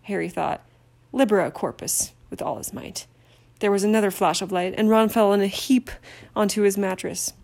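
A woman narrating an amateur audiobook reading at a steady pace, with occasional stumbles over words. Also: mid-range voice, normal speed, creaky. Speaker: audiobook reader.

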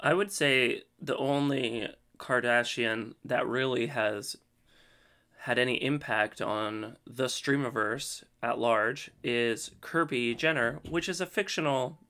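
A man co-hosting a casual podcast, laid-back and quick to laugh, with an actor's playful streak. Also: medium pitch, pushed and bright, smooth. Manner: theatrical, from acting work. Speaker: podcast co-host. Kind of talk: casual chat.

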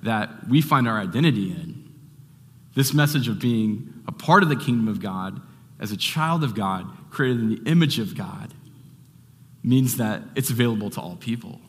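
A man's voice: lowish voice, animated, normal speed, fairly bright tone, in a large hall. A man giving a sermon as a pastor, talking in a loose, conversational way with restarts and fillers.

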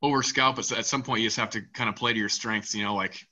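A man hosting a casual sports podcast, rambling with lots of fillers and getting animated about the games. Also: lowish voice, fast talker. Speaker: podcast host.

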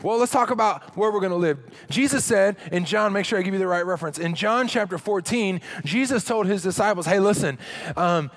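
A middle-aged man preaching a sermon as pastor, humorous and conversational, with dramatic drops to a hush. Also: high-pitched, fairly quick, hardly any pauses.

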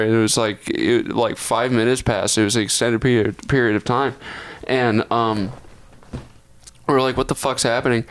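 A man's voice: medium pitch, clear, resonant tone. A young man from Texas, a podcast co-host, telling a long story in a rambling, profane way, often correcting himself. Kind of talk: casual storytelling.

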